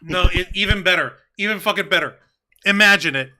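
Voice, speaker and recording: A man's voice: sits high, brisk, pushed and bright. A man co-hosting a wrestling review show in casual chat, rambling and swearing freely. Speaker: podcast co-host.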